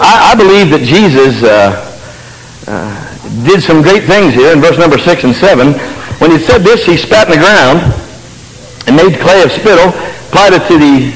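A man preaching a folksy, emphatic sermon that swings between loud and quiet. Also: mid-range voice, long reverb tail, low-quality recording.

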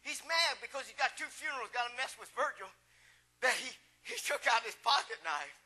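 Male pastor, storytelling sermon, very bright and tense-sounding, animated. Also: very high-pitched, a little fast. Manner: animated storytelling, acts out the people he quotes.

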